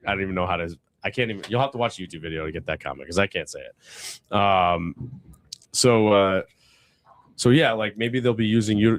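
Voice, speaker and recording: Low-voiced male podcast co-host, loose and rambling, recorded dry. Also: dry recording. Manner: rambling, lots of fillers and laughs. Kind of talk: casual chat.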